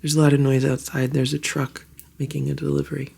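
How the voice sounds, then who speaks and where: Home cat vlogger with a fry-heavy voice, chatty and halting, cooing gently at the cats. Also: medium pitch, flat delivery. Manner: chatty, halting with many fillers; soft baby talk to cats. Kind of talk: casual vlog chat.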